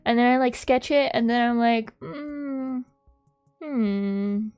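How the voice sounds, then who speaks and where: A woman's voice: on the high side, little pitch movement, a little fast, a little mellow, faint music behind. A young adult woman streaming as a VTuber, chatting casually with lots of "like" fillers and frequent giggles. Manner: rambling, many "like" fillers, giggly. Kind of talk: casual live-stream chat.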